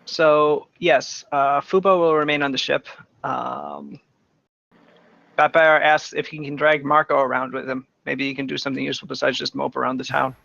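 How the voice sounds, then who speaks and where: A man running a tabletop game as game master, narrating in a dry, measured way. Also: medium pitch, flat delivery, creaky, bright, forceful tone, no room sound, dull audio.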